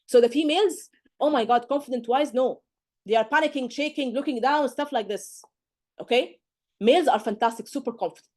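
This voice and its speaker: Woman doctor tutoring exam students, kinda high but mellow voice, keeps going "okay? do you get?". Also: fairly quick. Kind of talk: live lecture to students.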